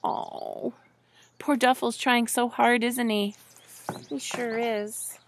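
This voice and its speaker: A woman reading a picture book aloud to children, gently asking them questions along the way. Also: fairly high pitch, level tone, slow pace, a little hiss or hum.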